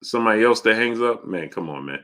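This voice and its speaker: Loud, bright-voiced call-in show host. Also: male voice, fairly low pitch. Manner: animated, mocking, laughs loudly; pushy rapid-fire questioning. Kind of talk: call-in commentary.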